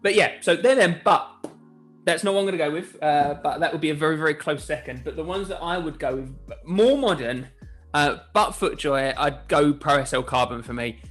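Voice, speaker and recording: A man's voice: on the high side, fairly bright tone. A man from England hosting a casual golf shoe review, chatty and jokey, often correcting himself mid-sentence. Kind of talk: casual chat.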